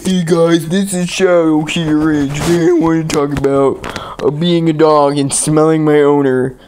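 A chirpy male pet dog hosting his own video clip, as a man puts on the dog's voice. The voice sits a little higher and louder than the speaker's usual talk, pitched as a cheerful show host. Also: level tone, a little slow, slight background noise, lightly acted. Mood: cheery.

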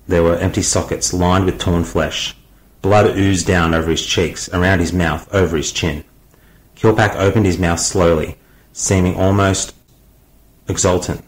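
A man narrating an audiobook in a measured, unhurried reading. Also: low-pitched, reverberant, low-quality recording.

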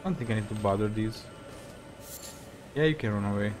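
A man's voice: on the low side, a little fast, music in the background. A young man giving casual, joking commentary as he plays a video game, swearing at enemies. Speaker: gaming video creator.

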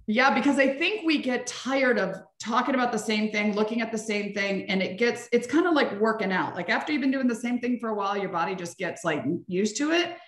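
A woman talking as a guest in a casual conversation, chatty and animated, acting out little scenes. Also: on the high side, a little fast, few pauses. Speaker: guest, practice consultant. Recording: echoey room.

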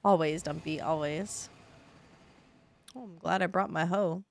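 A woman's voice: lowish voice, fairly even intonation, measured pace, vocal fry. A young adult woman streaming a farming game, chatting sarcastically with her chat and swearing now and then. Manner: chatty, sarcastic, swears, yelps when panicked. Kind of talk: casual let's-play commentary to chat.

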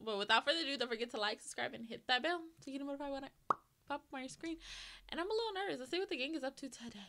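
A woman's voice: sits high, expressive, rapid-fire, sharp tone. A young adult woman hosting a reaction channel, chatting casually and talking straight to her viewers. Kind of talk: casual reaction vlog chat.

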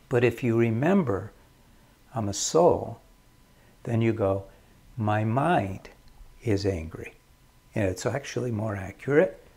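Slow, husky-voiced man giving advice. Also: mid-range voice, a little mellow. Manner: slow, measured, repeats key phrases. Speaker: marriage counselor. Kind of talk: calm advice talk.

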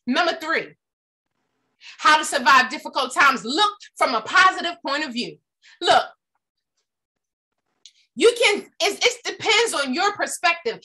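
Bright, high-voiced woman giving a motivational talk. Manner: emphatic, asks the audience questions, tells personal stories. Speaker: motivational speaker.

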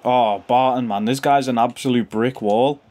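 A young man giving casual, slangy commentary over his own football video game, chuckling often and jumping to excited shouts when goals go in. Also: mid-range voice, moderate pace. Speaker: gaming YouTuber and streamer. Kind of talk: casual live gameplay commentary.

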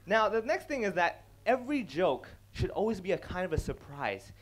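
A young man giving a stand-up style talk on comedy, animated and acting out other people's lines as he speaks. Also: high voice, normal speed. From India. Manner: animated, acts out other people's lines, laughs at own jokes. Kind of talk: stage talk on comedy, switching between English and Cantonese.

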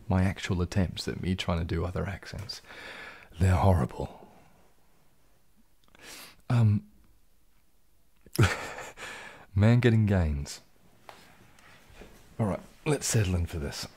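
A low-pitched man who runs an ASMR channel hosts a relaxed, jokey live stream, reading and responding to viewer comments. He's a little tipsy on champagne, laid-back and joking, and now and then drifts into soft whispers.

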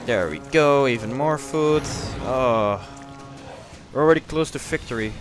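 A young man giving excitable, profane commentary on his own gameplay, whooping when things go well. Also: medium pitch, measured pace, music in the background. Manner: excitable, swearing, yelps and whoops at kills. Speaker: gaming video host.

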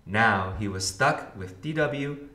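A man reads a picture book aloud to young children as their teacher. He speaks slowly with a lively, expressive lilt. The room adds a roomy echo. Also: lowish voice. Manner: slow, expressive storytelling. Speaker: kindergarten teacher. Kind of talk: storybook read-aloud for children.

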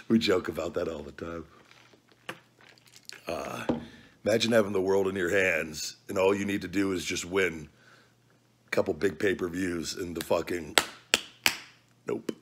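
A man's voice: low-pitched, measured pace, long pauses, background noise. A man hosting his own vlog, talking casually and loosely with joking, profane banter through a hot food challenge at home. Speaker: vlog host.

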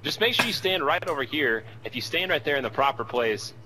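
A man doing joking, exaggerated commentary over a shooter match, cheering loudly at big plays. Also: medium pitch, lively intonation, brisk, noisy background. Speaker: gameplay commentator. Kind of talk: mock commentary over gameplay.

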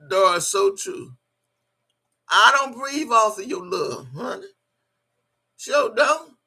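A woman's voice: medium pitch, lively intonation, slow, vocal fry, bright, forceful tone, breathy edge. An older woman in a casual vlog rant, profane and mocking, breaking into laughter often. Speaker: vlogger.

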